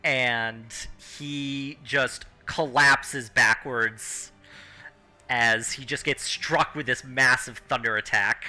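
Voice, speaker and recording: A man acting as game master runs a tabletop game, speaking with lots of fillers and pauses and breaking into loud crowd and announcer voices. His voice is mid-range and steady in tone, with faint music in the background.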